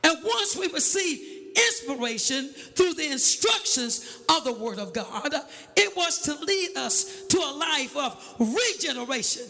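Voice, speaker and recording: High bright preacher, gravelly. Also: male voice, sing-song, a little slow, long reverb tail. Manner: call-and-response preaching, shouting and half-singing phrases. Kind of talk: sermon.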